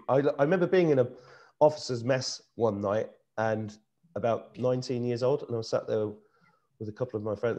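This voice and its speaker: Middle-aged British host, earnest and animated, keeps restarting his sentences. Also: mid-range voice, muffled recording. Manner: earnest, animated, repeats himself while searching for words. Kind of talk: casual conversational storytelling.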